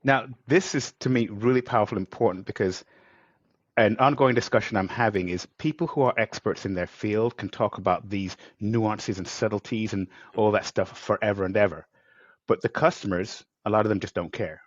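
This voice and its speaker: Male podcast host, lowish voice, enthusiastic and rambling, dry dull remote sound. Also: moderate pace, no room sound. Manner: enthusiastic, rambling, acts out quotes. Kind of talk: conversational interview.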